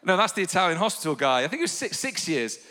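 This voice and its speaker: A male pastor preaching with a high, bright voice. His delivery swings between quiet reflection and loud, fervent calls to the congregation, all carried on the long reverb of a church hall. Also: very animated, fast. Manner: passionate preaching, rising to shouted calls to the online congregation. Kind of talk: sermon.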